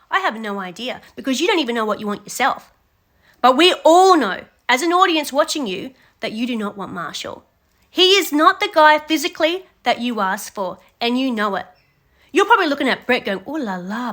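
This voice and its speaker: Young female commentator, high and bright, blunt scolding rant. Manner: blunt, scolding, addresses the contestant directly. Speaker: reaction commentator. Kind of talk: ranting reality show commentary.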